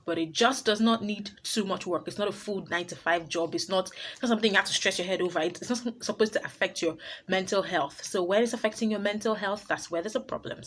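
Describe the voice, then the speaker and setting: A woman's voice: mid-range voice, fairly bright tone, a little hiss or hum. A woman hosting her own advice vlog, talking to camera in a blunt, emphatic way. She laughs easily and often repeats her points. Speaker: vlogger host.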